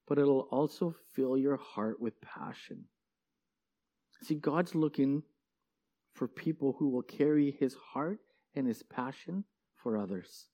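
A man's voice: medium pitch, warm tone. A male pastor giving a conversational sermon, telling stories earnestly and often saying "like" as he goes. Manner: casual, frequent "like" fillers, earnest storytelling.

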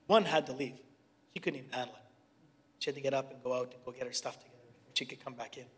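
In a hall with long reverb, a middle-aged man who directs a youth organization earnestly shares his personal testimony and then leads a prayer. He talks conversationally and rapidly in a medium-pitched, fairly bright voice, restarting sentences as he hunts for words.

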